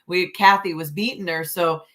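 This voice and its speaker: A woman's voice: fairly low pitch, steady tone, moderate pace, a bit bright. A woman co-hosting a casual talk show, chatty and teasing, often restarting her sentences. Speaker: co-host. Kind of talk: casual chat.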